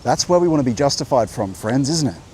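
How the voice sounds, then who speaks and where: Man, mid-pitched voice, wandering walk-and-talk vlogger who keeps interrupting himself, clip-on mic, faint outdoor ambience. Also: animated, fast talker, darkish tone, a little hiss or hum. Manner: rambling, musing, self-interrupting. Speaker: host. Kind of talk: walking vlog monologue. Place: outdoor coastal walk by a beach.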